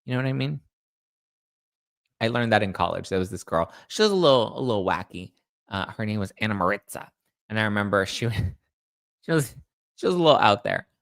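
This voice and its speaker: A man's voice: fairly low pitch, sing-song, quick pace, vocal fry, a bit bright, no room sound. A man hosting a celebrity gossip show, chatting casually in a rambling way and reading out viewer comments. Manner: rambling, chatty, restarts and self-corrects. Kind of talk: casual chat.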